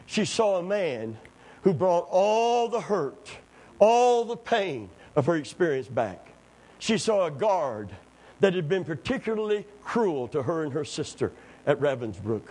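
A man preaching a sermon, telling stories and jokes, swinging between hushed moments and near-shouting fervor. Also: sits high, rough recording. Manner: impassioned, rising to near-shouts, folksy storytelling with jokes.

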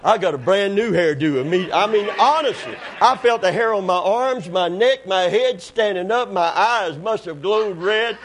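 A man's voice: sits high, moderate pace, hardly any pauses, slight background noise, poor audio. A man preaching a sermon at a church service, telling folksy stories and building to emphatic preaching.

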